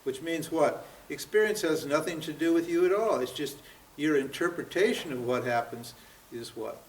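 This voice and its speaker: An American man in his seventies, a spiritual teacher, lectures at a seminar in a yoga center's seminar room, his voice on the high side and his pace moderate. He presses listeners with rhetorical questions and keeps tossing in "huh?" and "what?". The recording is roomy and picked up from a distance.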